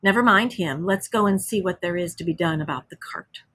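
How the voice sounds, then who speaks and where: A woman's voice: fairly low pitch, brisk, a bit bright, breathy edge. A woman reading aloud, voicing a stern and practical male rat who speaks firmly and sharply. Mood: exasperated. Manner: firm, exasperated.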